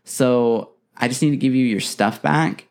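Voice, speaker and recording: A young man hosting a podcast, telling a story in casual chat, animated, acting out quotes and swearing freely. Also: mid-range voice, unhurried, vocal fry.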